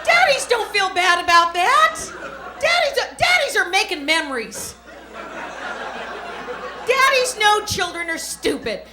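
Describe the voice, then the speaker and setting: Very high-pitched loud woman comic. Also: very animated, measured pace, pauses often, crowd noise. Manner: loud, exaggerated, frequently shouting and laughing. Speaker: stand-up comic. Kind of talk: stand-up comedy set. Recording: live club with audience laughter and noise.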